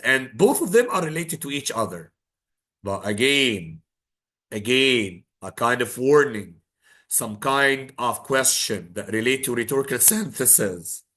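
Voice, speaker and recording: Bright-voiced man teaching exam prep. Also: medium pitch. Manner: mixes Arabic phrases into English, emphatic repetition.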